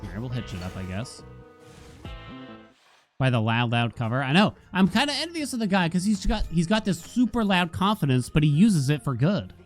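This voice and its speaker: A man's voice: fairly high pitch, sing-song, moderate pace, faint music behind. A man streaming a video game, chatting casually and telling stories with acted-out quotes. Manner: chatty storytelling, acts out quotes. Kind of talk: casual gaming stream chat.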